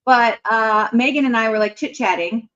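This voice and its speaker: A woman's voice: on the high side, normal speed, a bit bright, lo-fi sound. Rambling, chatty woman hosting a livestream. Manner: rambling, chatty, with many fillers and laughs. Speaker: livestream talk show host. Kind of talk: casual livestream chat.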